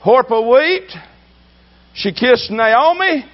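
A man preaching a sermon with emphasis, swinging between loud drawn-out shouts and low asides. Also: animated, highs cut off.

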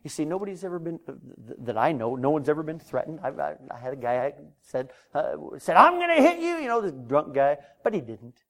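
A man preaching a sermon in a storytelling manner, acting out doorstep conversations and rising loud and high when he gets animated. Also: fairly quick, few pauses.

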